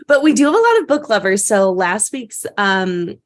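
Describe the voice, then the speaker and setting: A woman's voice: medium pitch, big pitch swings, normal speed. Chatty woman podcast co-host. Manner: chatty, many fillers and restarts. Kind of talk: casual chat.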